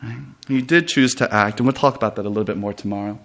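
A man preaching a retreat sermon, reading scripture and explaining it in an animated way, often laughing and restarting his sentences. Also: fairly low pitch, quick pace.

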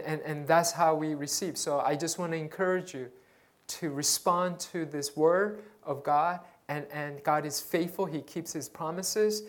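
A pastor preaching a sermon, earnest and exhorting, often repeating words while searching for the next phrase. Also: mid-range voice.

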